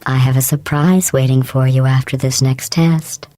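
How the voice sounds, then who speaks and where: A woman voicing a cold, sarcastic female AI computer in a video game, deadpan with a synthetic edge. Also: rumbling low, moderate pace, no room sound. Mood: cold mocking. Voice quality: smooth, synthetic-edged, deadpan. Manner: dry mocking insults delivered calmly. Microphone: clean dry studio recording.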